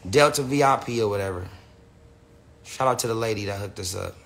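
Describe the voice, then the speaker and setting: A man's voice: lowish voice, a little fast, a bit bright. An American man ranting on a casual phone livestream, rambling with lots of slang, profanity and restarts. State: says he is high. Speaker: live streamer. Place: indoor room with a big screen.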